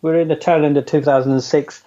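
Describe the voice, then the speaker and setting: A middle-aged man, guesting in an interview, tells his story quickly and casually, joking at his own expense and laughing a lot. His voice is steady, higher than typical for a man, with a mellow, dark quality, captured in dull lo-fi audio.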